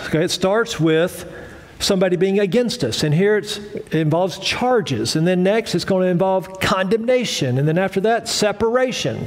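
A male pastor preaching a sermon in a conversational, emphatic way, repeating phrases for weight and asking the congregation questions. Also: high-pitched.

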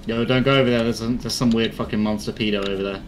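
A man's voice: lowish voice, steady tone, fast talker, slight background noise. A man with a Scottish accent, joking and swearing in running commentary while playing a game. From Scotland. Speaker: player. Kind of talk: live gaming banter.

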